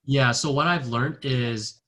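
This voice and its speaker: A man's voice: medium pitch, slow, fairly bright tone. Earnest young man telling his story. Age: young adult. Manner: earnest storyteller, acts out quoted dialogue. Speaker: network marketing distributor. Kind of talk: personal testimony in a training talk.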